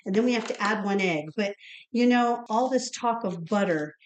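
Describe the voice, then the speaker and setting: A woman's voice: mid-range voice, moderate pace, roomy sound, slight background noise. A woman from Ohio co-hosting a cooking podcast, chatting and telling stories while she cooks in a home kitchen. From Ohio, USA. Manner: chatty, storytelling, laughs often. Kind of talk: casual chat while cooking.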